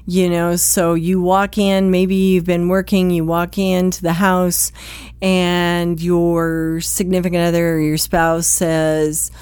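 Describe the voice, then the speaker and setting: A woman's voice: lowish voice, little pitch movement, slow, darkish tone, clean tone, no room sound. A woman hosting an advice podcast, speaking conversationally and acting out short quoted exchanges between partners. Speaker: podcast host, psychologist.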